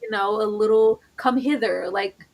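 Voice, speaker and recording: A woman co-hosting a live, casual TV episode recap, talking animatedly and jumping into high voices when she quotes characters. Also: normal speed, vocal fry, a little mellow. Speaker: co-host reviewing a TV episode.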